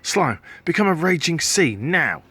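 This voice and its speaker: A man voicing a young boy in a storybook, anxious but quick-thinking and excitable. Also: fairly high pitch, slightly rough, no room sound, pitched above the performer's own voice, exaggerated voice. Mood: urgent.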